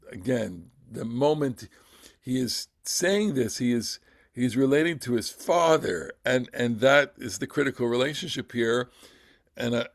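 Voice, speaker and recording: A man leading a text study class, reading aloud and commenting in a theatrical way with many halting restarts. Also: medium pitch, dry recording, clean studio sound. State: emotional, voice catching. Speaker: Torah class teacher.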